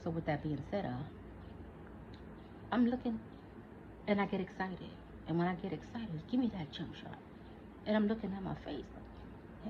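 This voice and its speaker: Pausing often, a woman in her forties goes on an animated, cursing rant, answering back to an imaginary listener in a casual monologue. Her voice is mid-range at a normal speed, and the lo-fi recording sounds dull with faint noise.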